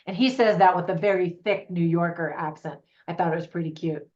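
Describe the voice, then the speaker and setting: A woman's voice: lowish voice, brisk, darkish tone. An American woman chatting casually as a movie reviewer, upbeat and talking straight to her viewers. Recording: roomy echo, slightly dull sound.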